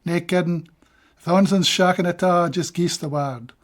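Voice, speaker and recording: A Scottish man giving a measured, deliberate poetry reading of his own translations, with brief plain-spoken asides between poems. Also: high voice, fairly even intonation.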